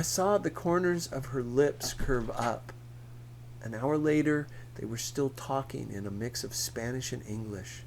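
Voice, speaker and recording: Unhurried, expressive male narrator for an audiobook, faint hum in the recording. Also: mid-range voice, poor audio. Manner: slow, lively storytelling. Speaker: audiobook reader.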